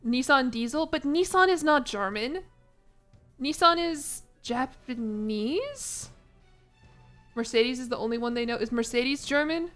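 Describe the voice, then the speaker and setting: A young woman streams a game with casual commentary, laughing at her own mistakes and apologizing often in a self-deprecating way. Her voice is a little high and fairly bright, and she speaks a little slowly, with faint music behind her.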